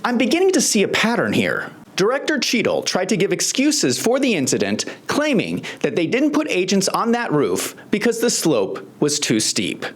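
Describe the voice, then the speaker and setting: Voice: mid-range voice, wildly swooping pitch, normal speed, hardly any pauses, husky. A commentary host narrating in a sarcastic, indignant way.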